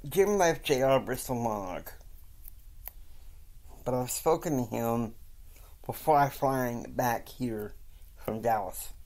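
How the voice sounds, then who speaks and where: A man voicing a stern, caring wealthy mother who calmly lays down the law. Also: medium pitch. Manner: calm, firm counsel.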